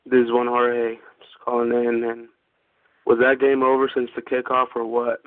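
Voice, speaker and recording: A male caller talking hesitantly with many pauses and ums. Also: mid-range voice, completely flat delivery, slight background noise. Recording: tinny phone line.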